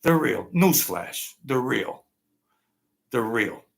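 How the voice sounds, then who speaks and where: A man's voice: mid-range voice, sing-song, slow, creaky. A man hosting a livestream political rant, sarcastic and mocking, repeating his points. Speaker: political commentary host.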